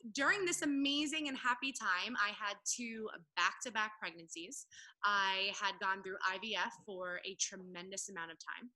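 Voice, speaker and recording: A woman guest on a podcast, telling her personal story in a lively way and acting out the voices of the people she quotes. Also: fairly high pitch, rough recording. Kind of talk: storytelling in a casual interview.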